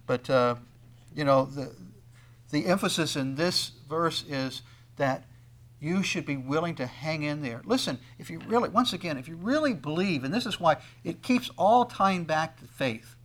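Male preacher, a touch high-voiced, dynamic sermon delivery that acts out the people he quotes. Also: lively intonation, normal speed. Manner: swings between loud emphasis and quiet asides; acts out quoted speakers in conversational tones. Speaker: pastor.

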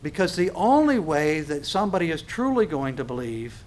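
A man preaching a sermon on scripture, animated, acting out little dialogues and often laughing. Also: on the high side, moderate pace.

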